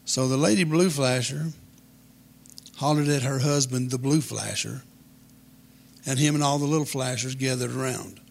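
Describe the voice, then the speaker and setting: A man, telling a humorous childhood story in a folksy, deadpan way. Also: medium pitch, moderate pace, vocal fry, pauses often.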